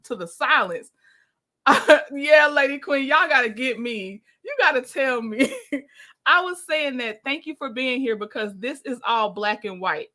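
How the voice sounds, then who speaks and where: A woman's voice: fairly high pitch, sharp tone. A woman hosting a casual livestream, chatting with viewers, apologizing often and laughing a lot. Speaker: livestream host reviewing court documents.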